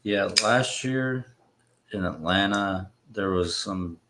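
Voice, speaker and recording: A man chatting casually on a podcast, slow and swearing now and then. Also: sits low, background noise. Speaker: podcast co-host. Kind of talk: casual chat.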